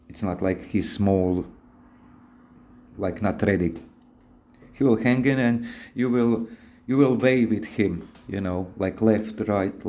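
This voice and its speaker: A man's voice: lowish voice, mellow. A man hosting a podcast, giving advice in a rambling, casual, instructive monologue with frequent restarts. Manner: rambling, repeats words and restarts often.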